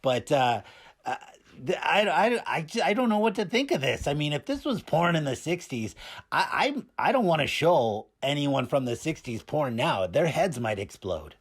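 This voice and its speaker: A man's voice: a little high, very animated, moderate pace, husky, heavily acted. A man voicing a cheeky, randy male puppet who reviews movies, rambling and stammering through his comedic review with constant filler words. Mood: bemused.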